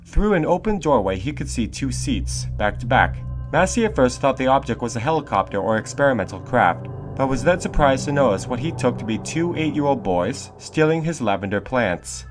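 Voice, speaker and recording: A male narrator reads a scripted documentary in a steady, measured voice. Music runs clearly underneath him throughout. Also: mid-range voice.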